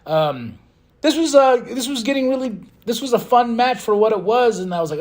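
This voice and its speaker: A man's voice: very high-pitched, normal speed. A man hosting a podcast, giving an opinionated, casual recap and acting out quotes as he goes. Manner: animated, opinionated, acts out quotes. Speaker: podcast host.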